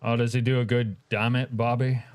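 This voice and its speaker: A man's voice: mid-range voice, flat delivery, a little fast, clear, resonant tone. Joking, rambling male game streamer. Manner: joking, rambling, reacting to chat. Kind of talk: casual live-stream chat.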